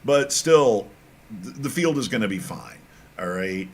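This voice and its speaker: A man co-hosting a sports radio show, talking in an emphatic, animated and teasing way. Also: fairly low pitch, a little slow, slight background noise. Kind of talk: casual sports talk.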